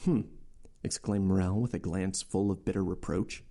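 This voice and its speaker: A man reading a novel aloud for a podcast in a measured, steady storytelling voice. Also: low voice, gravelly. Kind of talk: audiobook narration.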